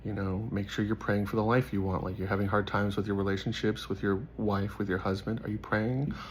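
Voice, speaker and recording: A man's voice: little pitch movement, brisk, a little hiss or hum. A young man giving a casual faith talk, telling stories and acting out the people he quotes. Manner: storytelling, acts out quotes with rising pitch. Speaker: host.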